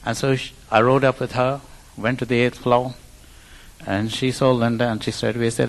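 A man's voice: medium pitch, moderate pace, poor audio. A man from India, giving a personal testimony in church and acting out the people he quotes. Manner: animated storyteller who acts out quoted speech.

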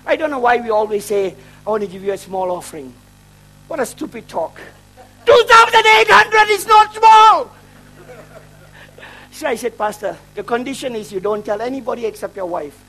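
A man's voice: high voice, lively intonation, fast, a little hiss or hum, poor audio. A middle-aged man from Malaysia, a traveling preacher telling a testimony in his sermon. He jokes and mocks himself. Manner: joking, self-mocking storyteller who laughs at his own lines.

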